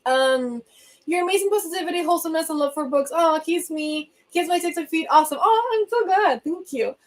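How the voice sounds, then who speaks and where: A bubbly, chatty young Venezuelan woman, a native Spanish speaker with a Venezuelan accent, hosts a casual livestream, tossing in quick asides and laughs. Her voice is fairly high. She talks into her phone from a reading corner at home.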